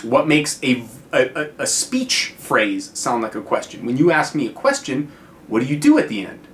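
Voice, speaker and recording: A man's voice: mid-range voice, sing-song, moderate pace, a bit bright, slight background noise. An American man giving a casual guitar lesson on video, chatty and full of fillers, often checking in with "right?". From United States. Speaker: guitar teacher.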